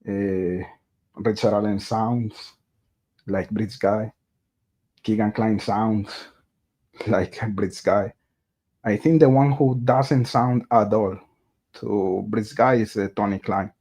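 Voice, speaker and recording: A man's voice: lowish voice, fairly even intonation, slow, pauses often, a little mellow, husky. A man hosting a casual true crime livestream. He hesitates often, with lots of filler sounds and restarts, and he reads viewer chat aloud and greets viewers.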